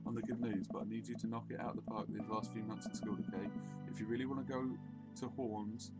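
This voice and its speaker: A man voicing a doting, soft-hearted middle-aged single father in a dating game, in his own plain voice. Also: lowish voice, flat delivery, quick pace, lightly acted. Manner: warm fatherly reading. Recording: loud game music behind.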